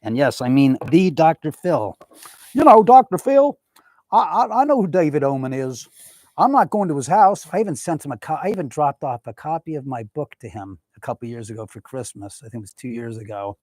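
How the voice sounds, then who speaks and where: A man hosts a live stream, talking briskly at a medium pitch. His chatter rambles and is full of profanity, and he stays animated while reading viewer comments aloud and answering them as he goes.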